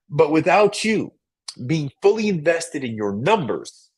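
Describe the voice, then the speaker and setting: A man's voice: a little high, sing-song, a little slow, breathy edge. A man hosting a casual livestream, giving emphatic business advice with a lot of repetition and frequent "right?" checks.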